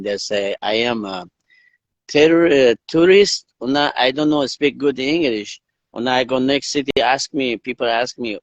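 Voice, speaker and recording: An endurance athlete from northern Iran appears as a guest on a video call livestream, telling his stories animatedly in broken English with a Persian accent for a casual interview. His mid-range voice runs at normal speed, with no room sound and dull audio.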